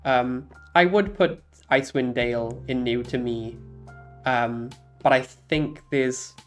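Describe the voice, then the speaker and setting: A man's voice: mid-range voice, slow pace, soft background music. A man streaming, chatting casually about games he played, rambling with many fillers and restarts and laughing often. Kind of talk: casual chat.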